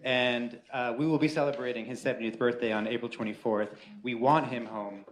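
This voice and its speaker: A man's voice: medium pitch, fairly even intonation, brisk. A man giving a welcome speech as a bookstore organizer at a community event, speaking earnestly with frequent fillers. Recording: echoey room with faint noise.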